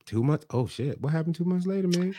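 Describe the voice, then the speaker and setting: A man's voice: on the high side, animated, fairly quick, crowd noise. A man co-hosting a podcast, chiming in playfully with jokes and slang. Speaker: podcast co-host. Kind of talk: casual podcast chat.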